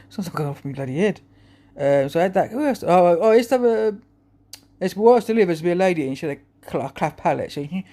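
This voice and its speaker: A man's voice: sits high, lively intonation, a little fast, warm tone. Rambling man vlogging. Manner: rambling, full of restarts, chuckling. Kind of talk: casual rambling monologue.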